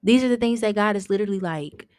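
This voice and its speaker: A woman's voice: mid-range voice, quick pace, darkish tone, dry recording, studio quality. A young woman hosting a casual faith podcast, talking earnestly and confessionally, often repeating her words. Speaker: podcast host.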